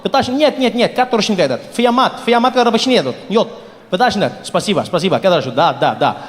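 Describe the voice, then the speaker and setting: A man's voice: high voice, animated. A man doing a shady Russian man on the phone. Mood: muttering. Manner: rapid mumbled phone talk. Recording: echoey hall with audience.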